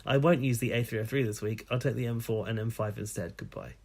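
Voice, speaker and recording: A man's voice: lowish voice, quick pace, gravelly, a little mellow, breathy edge. A man reading as a snarky male email ranter. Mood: sarcastic. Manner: mocking, sarcastic reading. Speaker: podcast co-host.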